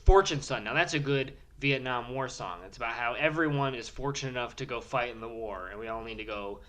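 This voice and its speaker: A man co-hosting a comedy podcast, loud, sarcastic and exasperated in a mock debate. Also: medium pitch, a little fast. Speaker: podcast co-host.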